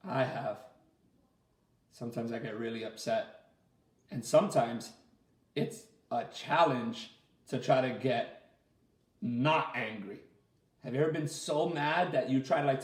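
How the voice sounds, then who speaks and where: A man, a martial arts instructor, reading a picture book aloud to children in a gentle, expressive way and asking them questions as he goes. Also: mid-range voice. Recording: echoey room, far from the mic.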